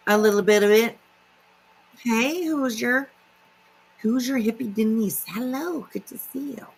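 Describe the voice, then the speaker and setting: Woman, livestream host, unhurried pace, sharp bright tone, chatty, lots of ums. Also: medium pitch, low-quality recording. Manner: chatty, greets viewers, many fillers. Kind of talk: casual livestream commentary.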